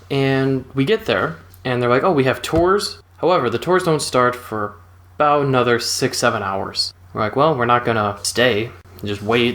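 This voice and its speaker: A man's voice: medium pitch, fairly bright tone. A young man casually retelling a funny personal story in a laid-back, rambling way, chuckling now and then.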